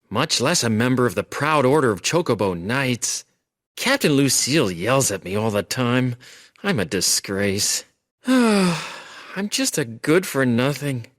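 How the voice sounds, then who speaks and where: A man's voice: medium pitch, a bit bright. An actor voicing an insecure young male knight on guard duty who talks himself down in a game. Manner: self-deprecating, fretful.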